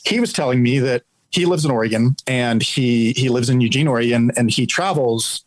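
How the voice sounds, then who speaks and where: A man's voice: mid-range voice, normal speed, no echo, low-quality recording. A man being interviewed as a guest, telling a story in a conversational, earnest way to explain an idea.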